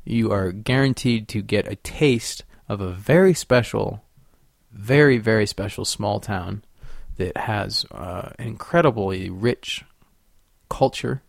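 A young man from Sacramento hosting a solo podcast, rambling and profane, swinging between quiet musing and loud ranting. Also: on the low side, takes it slowly, vocal fry, dry recording, studio quality. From Sacramento, California. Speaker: podcast host.

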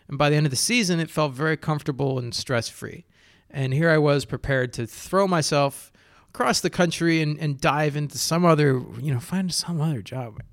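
Rambling, self-mocking man with a gravelly voice. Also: a little high, no echo, clean studio sound. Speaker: podcast host. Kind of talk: casual solo podcast monologue. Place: indoors at home with a heater running.

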